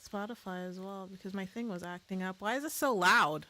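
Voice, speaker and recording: A woman's voice: mid-range voice, a little fast, sharp tone. Playful swearing woman streamer. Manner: playful, laughs often, swears freely. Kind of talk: casual live-stream chat.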